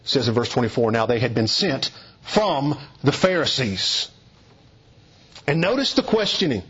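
A man preaching an expository sermon, emphatic and deliberate, leaning hard on key words. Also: medium pitch, very animated, a bit bright, breathy edge, muffled recording.

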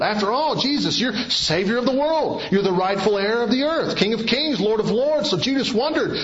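A man's voice: sits high, a bit bright, echoey room, lo-fi sound. A man preaching an expository sermon as pastor of his congregation, earnest and emphatic, with rhetorical questions and repeated lists.

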